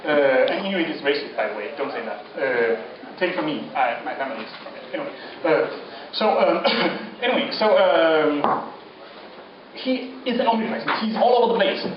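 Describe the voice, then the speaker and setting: A man from the Faroe Islands gives a rambling, joking, provocative lecture, halting and restarting as he talks. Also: fairly high pitch, animated. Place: gallery lecture space. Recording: echoey, dull, noisy, far from mic.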